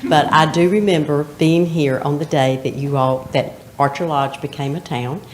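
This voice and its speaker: A woman's voice: sits low, steady tone, moderate pace, darkish tone, echoey room, slight background noise. A woman, a state representative, presenting an award at a town council meeting, chatty and laughing between formal lines. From North Carolina.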